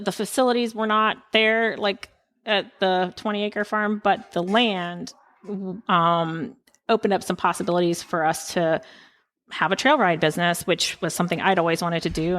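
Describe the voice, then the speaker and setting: A woman's voice: lowish voice, a bit bright. A woman telling a casual story as a podcast guest, chatty and full of "like" fillers, laughing often. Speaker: podcast guest, horse farm owner. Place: farm porch.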